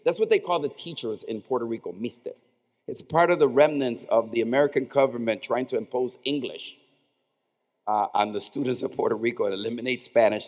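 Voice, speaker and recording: A man's voice: mid-range voice, fairly quick. A man giving a commencement speech in a large indoor arena, speaking with impassioned, repetitive oratory into a podium microphone. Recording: echoey arena with long reverb.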